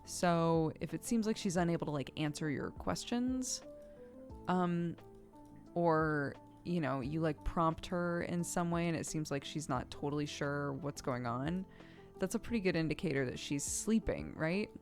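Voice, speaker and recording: A woman's voice: low-pitched, a little slow, darkish tone, faint music behind. A woman streamer chatting casually, telling stories in a rambling, chatty way. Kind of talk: casual chat while gaming.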